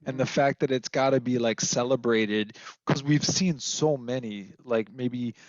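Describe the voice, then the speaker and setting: A man's voice: mid-range voice, unhurried, darkish tone, no echo, highs cut off. A man from Minnesota, a guest on a casual podcast, talking candidly and rambling with lots of fillers.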